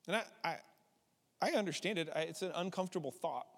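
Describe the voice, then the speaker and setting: Man in his thirties, pastor, sermon, high-pitched, long hall echo. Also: fast talker, fairly bright tone. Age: 30s. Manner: conversational, candid preaching with rising emphasis.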